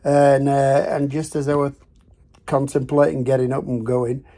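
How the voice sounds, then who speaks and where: A man's voice: mid-range voice, flat delivery, moderate pace, dark tone. An older man with a Northern English accent, chatting casually in his travel vlog from a cruise ship cabin, rambling with plenty of fillers and restarts. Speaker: travel vlogger.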